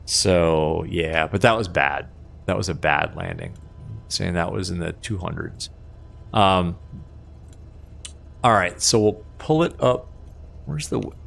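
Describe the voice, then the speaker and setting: Deep, gravelly man streaming a flight sim. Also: fairly bright tone, a little hiss or hum. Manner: chatty, self-mocking, laughs often. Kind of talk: live gameplay commentary.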